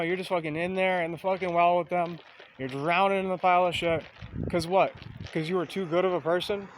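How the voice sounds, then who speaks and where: A man's voice: high-pitched, slight background noise. A man in a casual, rambling monologue, swearing freely and meandering through a running metaphor with self-aware asides.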